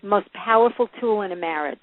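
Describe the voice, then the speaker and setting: A woman guest giving emphatic, animated advice on a podcast. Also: medium pitch, a little fast. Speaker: guest, parenting and beliefs coach. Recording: tinny phone-like line, dry.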